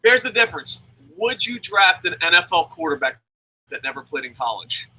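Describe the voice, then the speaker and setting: A man co-hosting a wrestling review show, ranting loudly and cursing as he argues his point. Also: on the high side, sing-song, brisk, slightly rough, poor audio. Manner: profane, shouting, ranting. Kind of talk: heated opinion rant.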